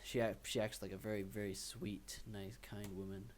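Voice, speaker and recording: A man's voice: fairly low pitch, little pitch movement, normal speed, a little hiss or hum. A man co-hosting a film podcast, talking in a loose, rambling way with many fillers. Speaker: podcast co-host. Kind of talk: casual chat.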